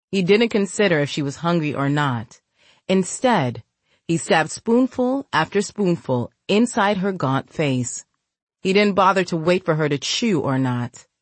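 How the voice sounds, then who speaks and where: A woman narrating a novel as an audiobook, reading in a measured, even way. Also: sits low, no echo. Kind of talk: scripted narration.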